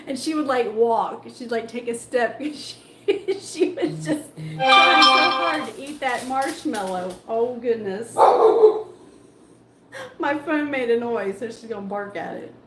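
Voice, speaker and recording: A young woman chats on a home cooking livestream, laughing often and filling pauses with ums. She talks slowly in a slightly high voice. The kitchen sounds echoey, with a faint hum of noise behind her. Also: fairly bright tone. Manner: baby-talk praise to her dogs. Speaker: livestream host. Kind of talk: casual chat while cooking.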